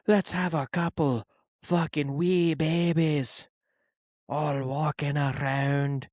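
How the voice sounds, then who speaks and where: A crude, rowdy Scottish man drawls out a welcome in a slightly raised voice, as a man puts on the accent. The sound is dry and close, with no room echo. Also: on the high side.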